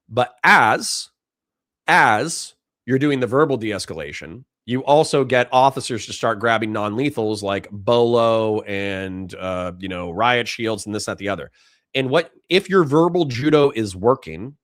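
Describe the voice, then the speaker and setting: A young man streams casually, reading chat and answering in a blunt, profane way. His voice sits at an ordinary middle pitch. The sound is dry and close, with little room echo. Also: fairly bright tone. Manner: blunt, profane, reads donations aloud in mock voices. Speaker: livestream host reading chat.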